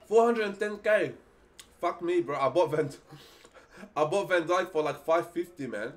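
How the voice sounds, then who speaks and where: A young man streaming live, chatting casually and excitedly as he opens game packs, swearing freely and pleading for good luck. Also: a little high, unhurried.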